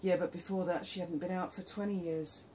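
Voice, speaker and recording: A woman, chiming in agreeably and gossiping in a relaxed conversation. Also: lowish voice, fairly quick, slight background noise. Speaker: co-host. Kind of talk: casual chat.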